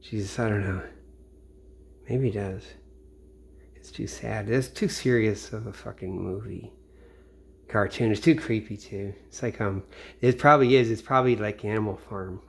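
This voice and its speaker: A man's voice: lowish voice, normal speed, creaky, long pauses. A man from Missouri in a rambling late-night monologue. He swears a lot and often trails off into mutters. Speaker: vlogger.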